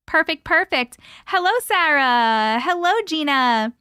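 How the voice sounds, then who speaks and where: A woman hosting a casual livestream, reading viewer comments aloud and greeting people by name, playful and quick to laugh. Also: high-pitched, expressive, sharp tone, no echo, clean studio sound. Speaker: livestream host.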